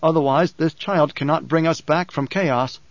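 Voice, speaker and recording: A man's voice: fairly high pitch, dry recording, lightly acted. A man voicing a grave, haunted prophet. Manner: grave, slow, halting. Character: boy possessed by his dead father, grave. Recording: dry, slightly dull studio recording.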